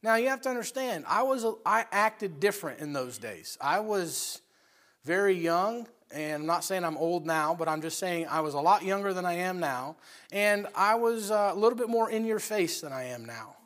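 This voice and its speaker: Man, high voice, preaching a sermon, emphatic, folksy, loud peaks. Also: expressive, moderate pace. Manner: folksy with storytelling asides.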